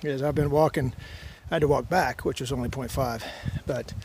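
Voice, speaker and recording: A man's voice: medium pitch, steady tone, moderate pace, darkish tone. Rambling hiker man on a noisy trail. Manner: rambling and easygoing, many "uh" fillers. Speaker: long-distance hiker vlogger. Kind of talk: casual vlog monologue. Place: outdoors on a mountain hiking trail. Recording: outdoor noise behind the voice.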